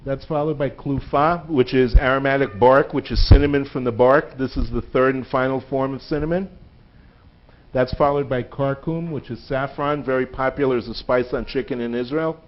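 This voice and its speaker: A man's voice: mid-range voice, steady tone, normal speed. A man giving a live lecture to a group in a synagogue, chatty and joking, laughing at his own puns. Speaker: guest lecturer. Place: synagogue hall. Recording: dull lo-fi phone recording.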